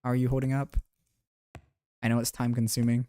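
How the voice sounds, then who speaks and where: A man's voice: mid-range voice, completely flat delivery, fairly quick, mellow, clean tone. A young man live streaming, chatting loosely with viewers while gaming, laughing a lot and swearing now and then.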